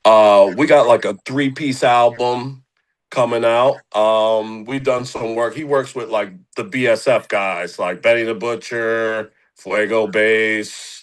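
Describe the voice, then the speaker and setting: A man's voice: on the low side, fairly even intonation, slow, low-quality recording. A young man from the Philadelphia area, a guest musician in a casual interview, rambling with slang and lots of fillers.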